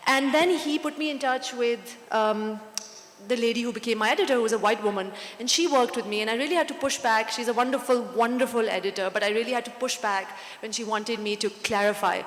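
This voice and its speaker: A woman on a conference panel, telling lively stories and slipping into Hindi phrases. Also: a little high, brisk. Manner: animated storytelling, mixing in Hindi. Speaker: panel author. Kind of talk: conversational panel talk. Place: conference hall. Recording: echoey hall with long reverb.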